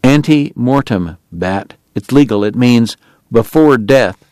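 Man voicing a blunt frontier lawman, deliberate, steady, mid-pitched, dry sound. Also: dry recording.

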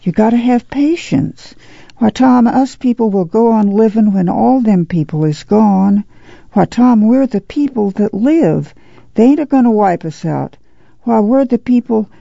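A woman reading aloud as a steadfast old farm mother with a drawl, soft and gravelly. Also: fairly high pitch, expressive, unhurried, dry recording, heavily acted. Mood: resolute. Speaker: radio reading-service reader. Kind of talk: dramatic radio reading. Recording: dry, slightly muffled studio recording.

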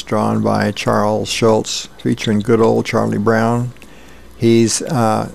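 A man volunteering as a radio reader, describing comic strips aloud in a plain, unhurried way. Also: mid-range voice, gravelly, a little mellow. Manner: plain, unhurried storytelling with fillers.

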